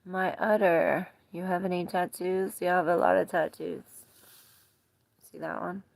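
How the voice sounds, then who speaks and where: A woman's voice: fairly low pitch, flat delivery, unhurried, creaky, dry recording. A woman in her forties giving a live tarot reading in a rambling, casual way, greeting viewers as she goes. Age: 40s. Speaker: tarot reader.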